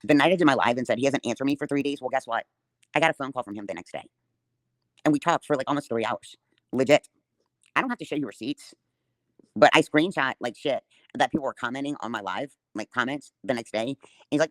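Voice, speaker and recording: A woman's voice: very deep voice, quick pace, no echo. A woman livestreaming a defiant, profane rant straight at her viewers.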